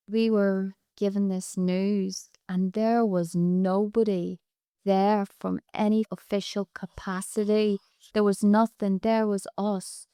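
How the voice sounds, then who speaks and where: A woman's voice: medium pitch, warm tone, smooth, no echo, clean studio sound. A middle-aged Irish woman, an interview guest, recounting a painful personal story with quoted dialogue, her words raw and urgent at times. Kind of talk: emotional personal account.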